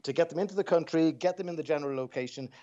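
A man's voice: a little high, very fast, dark tone, muffled recording. An Irish man, a dialect coach, telling anecdotes as a radio guest in a reflective way with frequent restarts.

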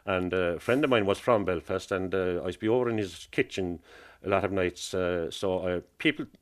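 A man with a Cork accent, telling an author's story in a casual interview, halting and chatty with many fillers. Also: low-pitched. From Ireland, Cork.

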